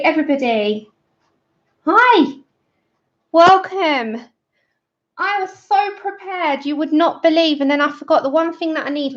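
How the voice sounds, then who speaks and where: Woman, high bright voice, unhurried chatty craft-stream host, roomy lo-fi sound. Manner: chatty, greets viewers by name, scatterbrained asides. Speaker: livestream host colouring. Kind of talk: casual livestream chat.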